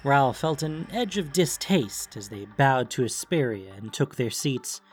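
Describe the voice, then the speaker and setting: A male audiobook narrator tells a fantasy story with lively, animated intonation. Soft music runs underneath the reading. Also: mid-range voice, measured pace. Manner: expressive storytelling. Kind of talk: scripted narration.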